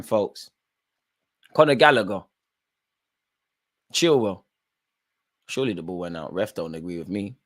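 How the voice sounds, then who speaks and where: A man's voice: deep voice, expressive, a little slow, pauses often. A man hosting a live football watchalong, calling out players by name and bantering in casual slang. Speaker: watchalong host.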